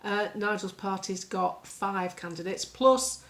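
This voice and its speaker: A woman's voice: mid-range voice, unhurried, fairly bright tone. An older woman, a political blogger, talking in a sarcastic, rambling monologue full of ums. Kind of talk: casual spoken monologue.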